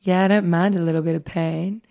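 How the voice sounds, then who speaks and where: A woman's voice: on the low side, steady tone, a little mellow. Woman putting on a smarmy, crooning man. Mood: smarmy, flirty. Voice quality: smooth, crooning. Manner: suggestive, slow, overly smooth. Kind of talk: reading text messages aloud in a put-on voice.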